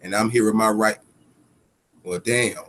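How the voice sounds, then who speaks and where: Ranting solo on his boxing podcast, this man keeps a steady tone and measured pace, broken by sudden surges in pitch and volume. He swears heatedly and repeats points for emphasis, over slight hiss or hum.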